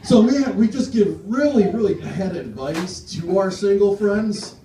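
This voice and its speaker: A young man with a notably high voice does a wry stand-up story at an open mic. He is miked from a distance in a roomy club, with clear background noise behind him. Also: lively intonation, moderate pace. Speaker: stand-up comic. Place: small comedy club stage.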